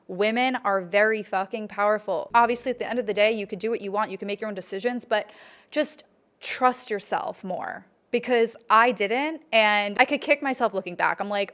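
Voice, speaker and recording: A woman's voice: medium pitch, moderate pace, fairly bright tone. A young adult woman hosting a podcast, telling a personal story in a candid, emphatic way and swearing freely. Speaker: podcast host.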